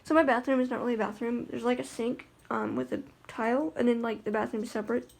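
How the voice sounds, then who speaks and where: A woman's voice: fairly high pitch, lively intonation, quick pace, creaky. A woman talking in a casual vlog about life with her guide dog, chatty and rambling with lots of fillers and restarts.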